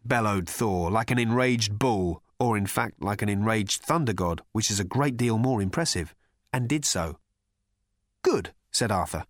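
A man reading a comic story aloud as narrator, in an expressive storytelling manner. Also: lowish voice, normal speed, no room sound, studio quality. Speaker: audiobook narrator. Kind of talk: scripted narration.

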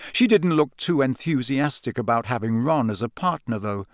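A man narrating a storybook in a steady reading voice, raising his pitch for the girls' quoted lines. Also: no room sound, studio quality. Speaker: audiobook narrator. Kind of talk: scripted narration.

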